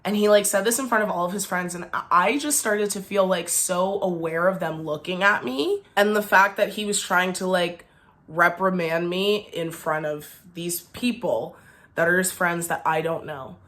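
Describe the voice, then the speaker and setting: A woman's voice: lowish voice, moderate pace, a bit bright. A young woman vlogger telling a storytime tale, chatty and indignant, full of "like". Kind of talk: storytime vlog.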